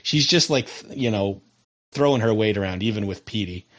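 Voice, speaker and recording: A man casually recapping a TV episode as a podcast co-host, lively and often laughing as he tells it. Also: fairly low pitch, normal speed.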